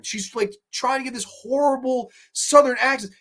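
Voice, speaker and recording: A man's voice: very high voice, normal speed, hardly any pauses. Profane, exasperated male horror reviewer. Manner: blunt, profane and exasperated ranting; animated, with sudden loud bursts. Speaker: horror movie review show host. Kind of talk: casual solo review rant.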